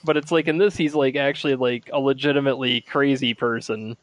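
A man's voice: mid-range voice, steady tone, a little fast, no echo. Casual rambling man, dry sound. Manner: rambling, filler-heavy, laughs while telling stories. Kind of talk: casual chat.

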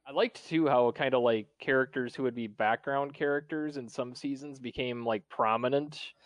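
A man's voice: mid-range voice, moderate pace, no echo. A man co-hosting a podcast, chatting loosely and rambling with lots of fillers. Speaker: podcast co-host. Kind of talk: casual chat.

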